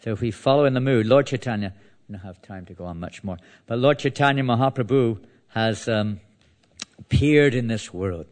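A man's voice: medium pitch, moderate pace, darkish tone. A man giving a devotional sermon, reading verses and then explaining them in a loose, conversational way full of restarts. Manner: conversational, with frequent restarts and "you know". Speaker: preacher.

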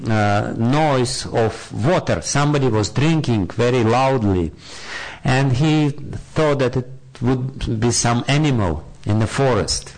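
Slow, gravelly man retelling a scripture tale. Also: medium pitch, darkish tone, poor audio. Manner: halting, searching for words. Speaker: spiritual storyteller. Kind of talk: retelling a scripture story in a talk.

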